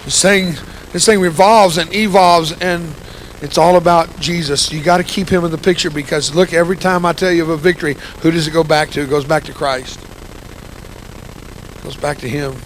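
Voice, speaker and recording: A man in his sixties with a gravelly, grumpy-sounding voice, giving an impassioned, folksy testimony sermon with humor as a church guest speaker. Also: a little high, steady tone, normal speed, slight background noise, low-quality recording. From United States. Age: 60s. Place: church sanctuary.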